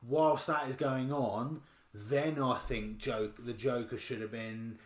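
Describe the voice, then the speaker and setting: A man's voice: mid-range voice, fairly even intonation, takes it slowly, roomy sound. A man from the UK co-hosting a podcast, talking casually about a film, rambling and restarting his sentences. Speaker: podcast co-host. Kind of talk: casual chat, film review.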